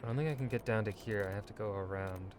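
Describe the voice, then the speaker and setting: A man's voice: lowish voice, fast talker. Man casually streaming a game. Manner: loose and joking, swears and laughs at himself. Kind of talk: casual gaming commentary and reading in-game lore aloud. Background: game music.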